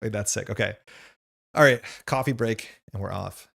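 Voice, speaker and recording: A man's voice: fairly low pitch, moderate pace, creaky, sharp tone. A young man chatting casually on a livestream, reading chat questions aloud and rambling with lots of "like". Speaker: streamer host reading chat.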